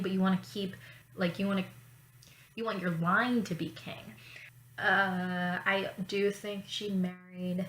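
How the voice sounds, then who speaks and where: A woman vlogging in casual chat, talking in a chatty, profane way with quick asides. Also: mid-range voice, a bit bright. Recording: roomy echo, faint ambience.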